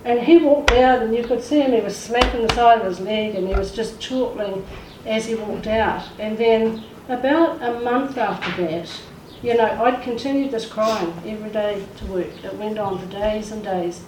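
A woman's voice: on the high side, steady tone, moderate pace, few pauses. A woman giving an emotional testimony in a church service, acting out the voices of the people she quotes. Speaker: church speaker sharing a testimony. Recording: echoey room, far from the mic, faint noise.

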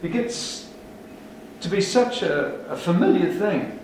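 A man delivering a sermon from the pulpit, his slightly high voice booming and echoing around a large hall. He is set back from the microphone, with a faint hum of room ambience underneath. He drives his points home with rhetorical questions and rousing calls. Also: animated, slow. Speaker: pastor. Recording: echoey hall, speaker far from mic.

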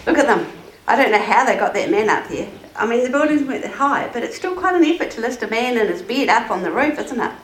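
A woman telling a story to children at church, expressive and asking them questions as she goes. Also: fairly high pitch. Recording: roomy, distant mic, faint noise.

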